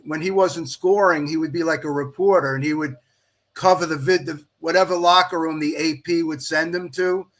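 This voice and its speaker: Man telling a baseball story, higher voice. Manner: animated anecdote-telling, quotes others in dialogue. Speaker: podcast guest, official baseball scorer. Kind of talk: storytelling in casual chat.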